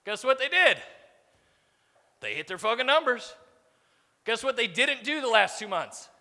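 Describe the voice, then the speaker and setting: A man's voice: extremely high pitch, big pitch swings, measured pace, bright, forceful tone. A man in his thirties giving a blunt, profane motivational keynote on stage, acting out quoted conversations as he goes. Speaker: business speaker on stage. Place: large conference hall. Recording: reverberant hall, stage mic.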